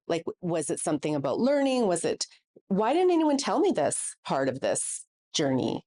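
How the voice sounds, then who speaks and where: A woman's voice: lowish voice, darkish tone. A woman host leading a live Q&A, talking in a conversational, reflective way. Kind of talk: hosting a live Q&A.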